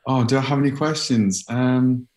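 A man from Sheffield with an English accent calls in, speaking slowly in a deep, soothing voice. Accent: English, Sheffield area. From England. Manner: slow-speaking, soft-spoken. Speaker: caller. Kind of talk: casual call-in chat.

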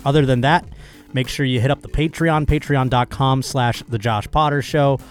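A comedian hosting his own podcast alone, talking in a rambling, excitable, profane way, his voice still hoarse from being lost. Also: mid-range voice, moderate pace, soft background music. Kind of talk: casual solo podcast monologue.

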